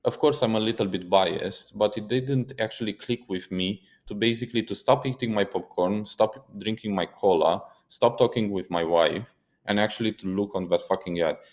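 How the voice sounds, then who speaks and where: A man with a very low voice co-hosts a casual podcast discussion. He tells stories with animation and drops curse words for emphasis. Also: moderate pace. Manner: animated storyteller who swears for emphasis. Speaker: podcast co-host.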